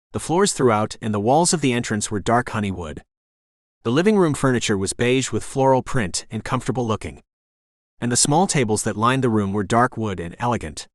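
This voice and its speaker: A man narrating a romance audiobook in the first person, in an even storytelling manner. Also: mid-range voice, no echo, studio quality.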